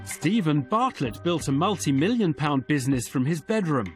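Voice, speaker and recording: Guy doing tv voiceover, slightly higher voice, music bed underneath. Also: expressive, moderate pace. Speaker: narrator. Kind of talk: scripted TV narration.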